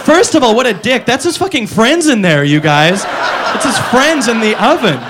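A man's voice: very high voice, big pitch swings, normal speed, background noise. A man doing a stand-up comedy routine, ranting in a profane, incredulous way and slipping into goofy voices.

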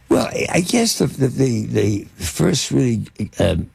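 An older man tells show-business stories in a gravelly, slightly husky voice. He stumbles through ums and false starts, circling back before landing each point. The sound is close and dry. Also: medium pitch, very animated, darkish tone, no room sound. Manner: halting, lots of fillers and restarts. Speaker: interview guest, film producer and actor. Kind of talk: anecdotal storytelling in conversation.

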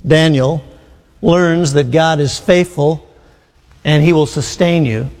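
A man's voice: fairly high pitch, steady tone, darkish tone. Preaching man in a reverberant hall. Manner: rhetorical questions, emphatic with slow drawn-out phrases. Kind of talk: sermon.

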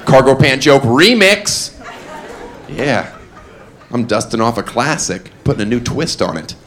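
A man doing a stand-up comedy set on a club stage, deadpan and self-amused, often laughing at his own jokes. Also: mid-range voice, unhurried. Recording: live club recording with background noise.

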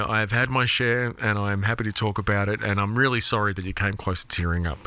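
Male radio DJ: bright, forceful tone, dry close sound, casual, sweary, earnest and consoling on air. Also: lowish voice, quick pace, hardly any pauses, no room sound. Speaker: radio show host. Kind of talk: casual on-air chat taking listener requests.

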